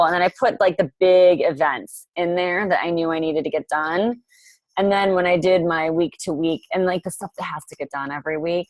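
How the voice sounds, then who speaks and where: A woman coach talks through her ideas in an easygoing, rambling way, often laughing. Her voice sits on the low side, and the recording is dry and close. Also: normal speed, dry recording. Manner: chatty, laughs often, lots of fillers. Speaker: coach hosting a group call. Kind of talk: casual group coaching chat.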